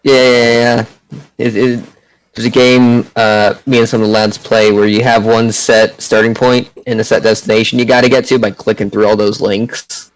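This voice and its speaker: A man's voice: lowish voice, little pitch movement, normal speed, dry recording, rough recording. A man co-hosting a casual podcast, stammering a little and laid-back with jokes. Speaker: podcast co-host.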